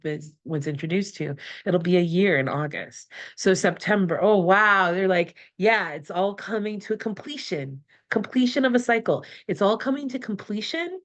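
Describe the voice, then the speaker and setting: A middle-aged woman talking through a tarot reading in a rambling, emotional way, with many fillers and restarts. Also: on the low side. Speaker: tarot channeler. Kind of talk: casual spoken reflection.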